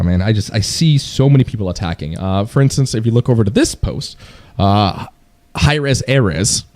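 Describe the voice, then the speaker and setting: Profane, animated male streamer ranting. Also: fairly low pitch. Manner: profane, repetitive, animated, mocking voices when quoting. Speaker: gaming streamer. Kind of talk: casual rant to camera.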